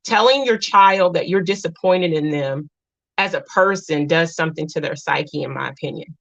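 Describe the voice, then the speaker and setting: A woman's voice: low-pitched, normal speed, no room sound, low-quality recording. A woman in her thirties, a single mom, hosting a casual livestream and talking earnestly to her viewers. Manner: earnest, talks to chat as "y'all". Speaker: livestream host.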